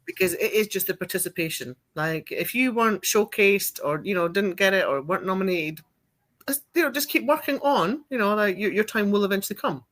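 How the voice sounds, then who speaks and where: Bright-voiced Scottish woman, laughing storyteller. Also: medium pitch, brisk. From Scotland. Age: middle-aged. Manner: lively storyteller, laughs often, swears freely. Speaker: podcast guest. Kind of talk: casual chat.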